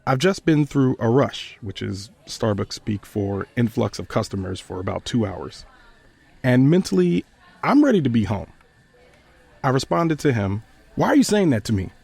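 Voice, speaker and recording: Gravelly-voiced man telling a story. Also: mid-range voice, expressive, a little mellow. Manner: measured, earnest retelling. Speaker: podcast host and storyteller. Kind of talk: personal storytelling narration.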